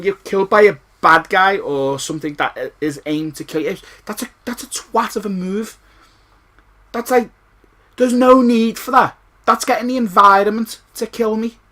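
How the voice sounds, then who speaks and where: A man's voice: sits high, lively intonation, moderate pace, sharp tone. A man with a Scouse accent, ranting and rambling through a retro game review, swearing freely and repeating himself. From Liverpool, England.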